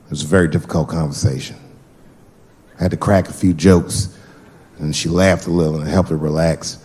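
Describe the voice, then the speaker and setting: A man performing stand-up comedy, telling stories in an animated way with sudden shouted bursts. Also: a bass voice, a little fast, pauses often.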